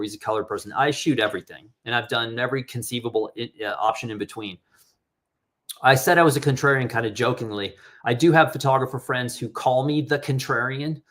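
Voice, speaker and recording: A man's voice: mid-range voice, fairly bright tone. A middle-aged man talking casually and candidly on a live stream, reading out audience questions and giving feedback on photos. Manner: candid, rambling, reads audience questions aloud. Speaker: photographer hosting live critique.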